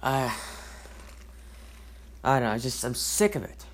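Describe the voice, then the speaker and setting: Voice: medium pitch, big pitch swings, a little slow. A podcast host talking alone in a rambling, repetitive way, full of swearing and restarted sentences. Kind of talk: casual solo rant and storytelling.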